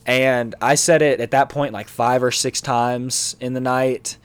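A man's voice: mid-range voice, steady tone, measured pace, clear, resonant tone. A man in his twenties co-hosting a podcast, telling a rambling story full of fillers and laughing as he goes. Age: 20s. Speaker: podcast co-host. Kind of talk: casual storytelling chat.

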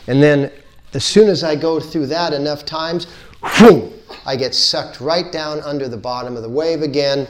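A man giving a spiritual lecture, unhurried and playful, repeating words in rhythmic build-ups. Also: on the high side. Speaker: spiritual teacher.

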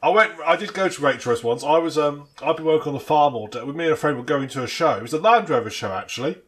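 A man's voice: on the high side, lively intonation, quick pace. A man, co-hosting a casual podcast chat and rambling through self-mocking stories. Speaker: podcast co-host. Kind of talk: casual banter.

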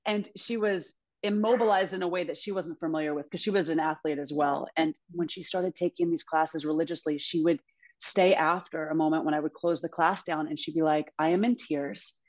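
Lively storytelling woman, low voice. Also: fairly quick. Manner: animated storyteller, laughs often, acts out quotes. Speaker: guest, movement coach. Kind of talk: casual interview chat.

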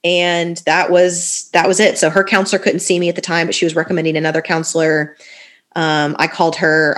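A woman's voice: deep voice, a bit bright. A woman in her thirties sharing her personal story in a conversation, candid and rambling, with many fillers and restarts. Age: 30s.

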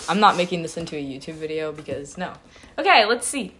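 A hoarse woman hosting a podcast, reading her old stories aloud with giggly, self-mocking asides. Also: deep voice, big pitch swings, fast talker, fairly bright tone. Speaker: podcast host.

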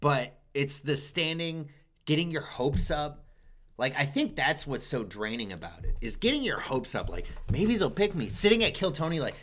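A man's voice: on the high side, normal speed. A man, a stand-up comedian, chatting casually about comedy life, swearing and acting out quoted lines. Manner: profane, animated, acts out quotes. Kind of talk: casual podcast chat.

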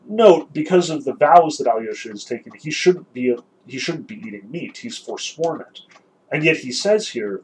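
Husky man giving an earnest literature lecture. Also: mid-range voice, expressive, normal speed, rough recording. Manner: earnest and emphatic, with frequent restarts.

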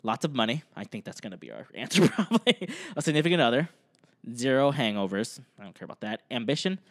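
A man's voice: mid-range voice, big pitch swings, fast talker. A young man co-hosting a podcast in casual chat, joking, laughing often and reading quiz options aloud. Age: young adult. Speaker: podcast co-host.

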